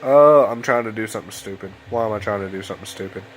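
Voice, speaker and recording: Tired low-voiced man rambling over gameplay. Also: fast, faint music behind, rough recording. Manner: chatty and rambling, tired and yawning late at night. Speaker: let's play host. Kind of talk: casual gameplay commentary. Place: home room at a computer.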